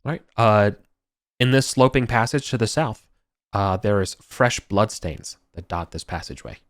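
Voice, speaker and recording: A man's voice: on the low side, expressive, normal speed, no echo, studio quality. A man narrating a tabletop game as game master, loose and rambling with many fillers.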